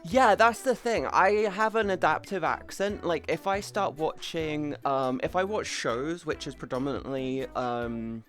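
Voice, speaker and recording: A man's voice: fairly high pitch, a little slow, few pauses, fairly bright tone, faint music behind. A young British man streaming from home, rambling casually and chatting with viewers, now and then swearing. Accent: British English. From Britain. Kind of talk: casual live-stream chat.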